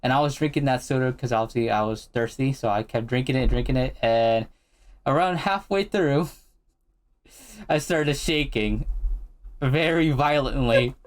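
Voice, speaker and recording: A man hosting a casual chat, telling stories in a relaxed, rambling way. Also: mid-range voice, normal speed. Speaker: host.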